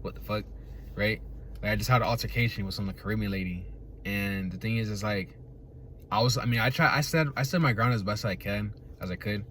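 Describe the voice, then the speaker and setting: Low-voiced laid-back profane young man. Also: a little fast, fairly bright tone, a little hiss or hum. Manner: profane and laid-back, often laughs, keeps asking "right?". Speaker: podcast host. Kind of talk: casual rambling monologue.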